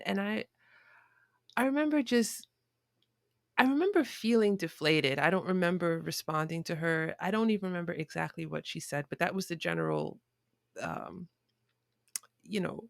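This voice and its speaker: Gravelly-voiced woman telling a story. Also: on the low side, normal speed, pauses often, dry recording, clean studio sound. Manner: reflective, frequent restarts and fillers. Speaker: podcast guest. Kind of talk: conversational storytelling.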